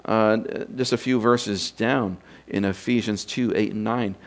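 With a steady tone and a voice on the low side, a man preaches doctrine from scripture at an unhurried pace. The sermon is unscripted, as he reasons aloud and puts rhetorical questions to the congregation.

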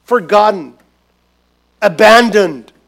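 A man preaching a sermon as a pastor, emphatic and repetitive, swinging between loud stresses and hushed lines. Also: sits high, slow pace, vocal fry. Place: church gathering.

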